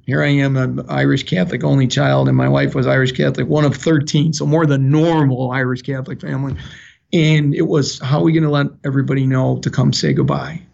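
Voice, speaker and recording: Sharing his own story as a guest, an older man speaks plainly and sincerely, with feeling just beneath his words. His voice is medium in pitch, creaky and a little mellow. It comes through a dull lo-fi recording.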